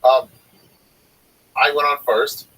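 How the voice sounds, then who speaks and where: A man's voice: medium pitch, flat delivery, takes it slowly, sharp tone, husky. A man who is a stand-up comedian, telling rambling, profane anecdotes in casual chat. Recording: distant mic.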